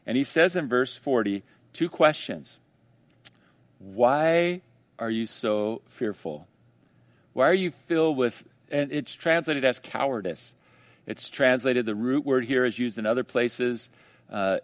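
Guy preaching, chatty, slows way down to drive points home, dry close mic. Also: mid-range voice, dry recording. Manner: conversational preaching, rising for emphasis, slows on key phrases. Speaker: pastor. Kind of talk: sermon.

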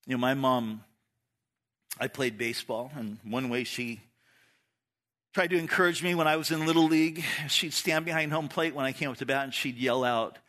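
A man's voice: mid-range voice, fairly even intonation, moderate pace, fairly bright tone. A middle-aged man preaching a sermon, telling stories in a conversational way, often restarting his phrases. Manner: storytelling, with frequent restarts and "you know". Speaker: pastor.

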